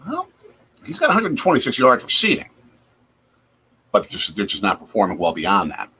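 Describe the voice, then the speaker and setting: A man's voice: fairly low pitch, wildly swooping pitch, moderate pace, pushed and bright, breathy edge. A man from Wisconsin hosting a casual live chat over a football game from his home basement, reacting aloud to plays. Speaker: host.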